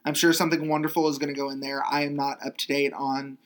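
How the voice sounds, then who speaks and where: A woman's voice: very deep voice, level tone, quick pace. A woman co-hosting a casual chat podcast, chatty and swearing freely, reading from her notes. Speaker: podcast co-host.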